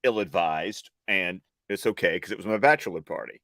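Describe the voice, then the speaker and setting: A man's voice: low-pitched, brisk, dry recording. A man joining a live stream as a guest, chatting casually and rambling with frequent laughs. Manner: animated, rambling, laughs often. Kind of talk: casual chat among friends.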